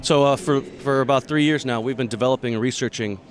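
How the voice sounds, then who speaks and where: A man who founded a company, pitching its product in an interview with earnest, halting speech full of restarts. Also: background noise. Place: busy expo floor.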